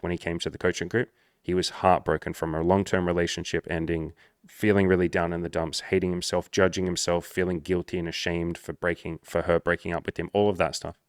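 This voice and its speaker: A low-voiced man coaches the viewer in a blunt, swearing, animated way, like a dating coach talking to camera. The sound is dry and close, with no room echo. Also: fairly quick. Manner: blunt, profane, animated storytelling. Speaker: social skills coach. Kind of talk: direct-to-camera monologue.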